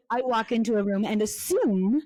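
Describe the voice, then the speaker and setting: A woman's voice: on the high side, a little mellow, no room sound, studio quality. A middle-aged woman co-hosting a casual faith podcast, a mother talking candidly and poking fun at herself. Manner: candid, self-deprecating. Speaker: podcast co-host.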